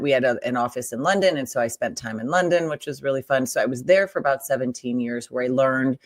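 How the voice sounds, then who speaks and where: Low-voiced American woman, chatty. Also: no echo, clean studio sound. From United States. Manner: upbeat, chatty, quick restarts. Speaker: guest, Profit First guide. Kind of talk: casual interview chat.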